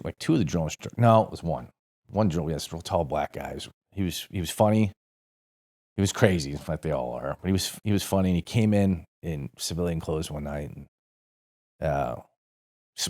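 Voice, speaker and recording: A low, slightly mellow male voice belongs to a St. Louis man in his forties, a former Marine appearing as a podcast guest. He tells a rambling, profane story casually, correcting himself along the way.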